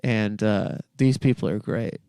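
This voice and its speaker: A man's voice: on the low side, steady tone, measured pace, dark tone, clear, resonant tone, no echo, clean studio sound. A man co-hosting a casual comedy podcast, rambling with lots of fillers. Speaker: podcast co-host.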